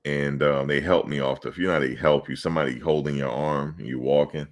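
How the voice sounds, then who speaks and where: Male, very deep voice, relaxed profane storyteller in a sports chat. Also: fairly quick. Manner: loose, profane storytelling with laughter. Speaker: podcast co-host.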